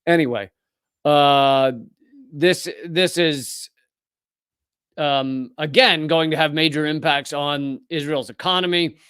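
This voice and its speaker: Man, live political commentary host, indignant, sarcastic asides, smooth resonant voice, dry close sound. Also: a little high, steady tone, slow, pauses often, fairly bright tone, no room sound.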